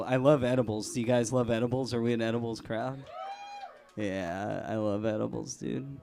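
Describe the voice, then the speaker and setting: A man doing a live stand-up set in a club, deadpan, chuckling at his own jokes. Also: medium pitch. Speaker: stand-up comedian. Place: comedy club stage.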